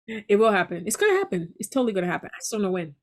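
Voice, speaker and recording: A middle-aged woman, an actress, chatting casually in an interview, lively and prone to laughter. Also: medium pitch, racing. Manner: lively and laughing, with frequent restarts. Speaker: actress guest.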